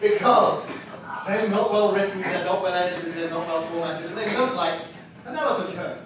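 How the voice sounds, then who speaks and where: The man's voice sits high and moves at a moderate pace as he gives a workshop on writing a book. A publisher by trade, he's chatty and jokes at his own expense. Background noise and echo come through, since he was recorded at a distance.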